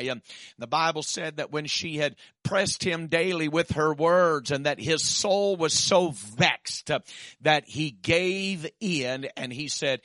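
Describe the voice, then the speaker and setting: Male preacher, stammering restarts that build to forceful declarations, bright high-leaning voice, dry sound. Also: measured pace, no room sound. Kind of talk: sermon.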